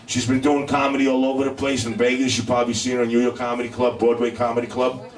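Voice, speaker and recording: Delivering stand-up in a completely flat tone at medium pitch, a comedy club host banters with the crowd and stretches his punchlines. The mic is far away, capturing roomy club sound with faint noise.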